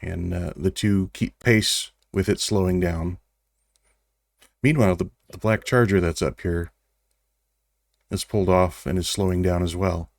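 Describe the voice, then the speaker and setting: Deep-voiced man running a tabletop game. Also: unhurried, gravelly, long pauses, no room sound, clean studio sound. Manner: relaxed, wry narration with small restarts. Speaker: game master.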